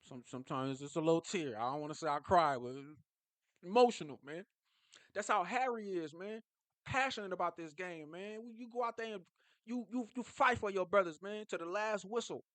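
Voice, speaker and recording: A man talking casually and excitably as a football fan vlogger, jumping from low mutters to high yelps. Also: no echo. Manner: animated, excitable, swings from low mumbling to high shouts.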